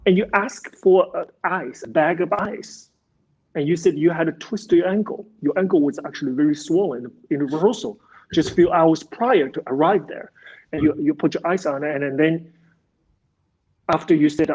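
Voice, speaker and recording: A man's voice: a little high, a little mellow, slightly rough. Earnest man on a dull lo-fi line. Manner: earnest, halting, grateful, with restarts. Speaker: podcast host, former dancer. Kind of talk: casual interview chat. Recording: dull lo-fi sound.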